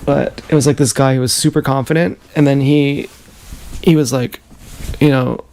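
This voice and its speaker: A man talking in a rambling, confessional livestream monologue, full of halting restarts, on an action camera with faint noise behind. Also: mid-range voice, fairly even intonation, vocal fry, darkish tone.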